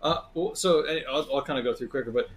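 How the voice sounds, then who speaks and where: A man's voice: mid-range voice, fast talker. A man in casual chat about a video game, retelling his playthrough and acting out characters with bursts of laughter. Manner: animated storyteller who acts out game characters.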